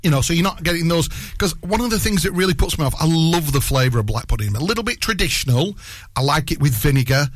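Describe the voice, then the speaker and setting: A man hosts a radio food show from the studio, chatting casually and cracking jokes. His pitch sits a touch high and swings a lot, and the studio sound is close and dry. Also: lively intonation, fast talker, dry recording. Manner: chatty, jokey, laughs a lot.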